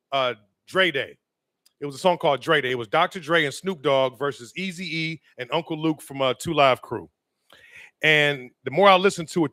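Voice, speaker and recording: A man hosting a comedy night on a handheld mic, hyping the acts and chatting loosely with the audience. His voice is slightly high for a man, and the sound is close and dry. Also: pushed and bright, no room sound. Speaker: comedy show host. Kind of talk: stand-up hosting.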